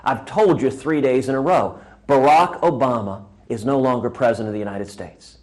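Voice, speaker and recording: A man's voice: mid-range voice, normal speed, darkish tone, close to an everyday voice. A man playing a firm Marine guard. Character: stern young male Marine guard at a gate.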